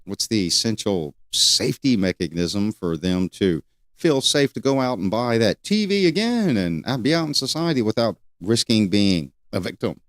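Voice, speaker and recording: An older man hosting a solo talk show, rambling and repeating questions with many pauses. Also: lowish voice, sing-song, no room sound, clean studio sound. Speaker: host.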